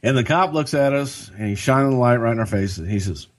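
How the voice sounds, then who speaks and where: An older man settles into a podcast story with a storyteller's timing. His voice sits at a middle pitch. He livens up when voicing the people in his tale. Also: fairly quick. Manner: animated storyteller, slips into other people's voices for quotes. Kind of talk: casual storytelling chat.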